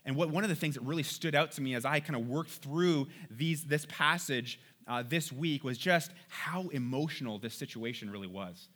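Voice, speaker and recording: A man leading a casual Bible lesson, chatty and animated, acting out the people in the story. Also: medium pitch, normal speed. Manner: chatty, animated, acts out quotes. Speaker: Bible study teacher.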